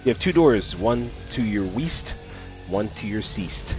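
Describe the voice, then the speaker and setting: A man's voice: lowish voice, expressive, a little slow, over music. A man acting as game master, narrating a tabletop game in a loose, rambling, playful way.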